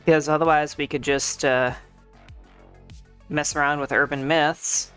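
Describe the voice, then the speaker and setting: A woman streaming games, chatting casually and excitedly with her viewers, rambling and restarting her sentences. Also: sits low, unhurried, pauses often, clean tone, soft background music. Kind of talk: casual gaming stream chat.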